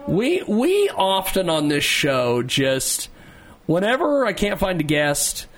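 A man hosting a podcast in rambling, halting casual chat. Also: sits high, wildly swooping pitch, fairly bright tone. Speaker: podcast host.

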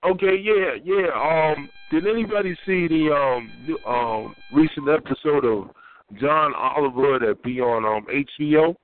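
A man calling into a talk show, pausing often with "um" as he hunts for words. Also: fairly high pitch. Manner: hesitant, lots of "um". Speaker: caller. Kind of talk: casual talk show chat. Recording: narrow phone line.

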